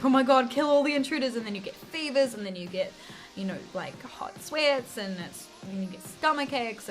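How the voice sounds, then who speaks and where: A young woman, vlogging in a chatty storytelling way and acting out quoted lines. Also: medium pitch. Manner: chatty storytelling, acts out quotes with bright swings. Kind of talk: casual chat to camera.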